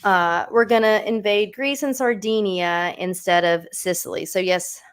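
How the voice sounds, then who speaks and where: A woman's voice: mid-range voice, unhurried, clean tone. A woman hosting a livestream, telling a true-crime story in a casual, chatty way with lots of asides. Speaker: host.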